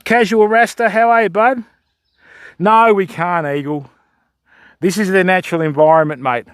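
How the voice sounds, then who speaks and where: An Australian man livestreaming from a riverbank outdoors, giving excitable commentary and calling his viewers fam and mate. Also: sits high, moderate pace, clean tone, no room sound, clean studio sound. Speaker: fishing livestreamer. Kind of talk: live commentary to stream chat.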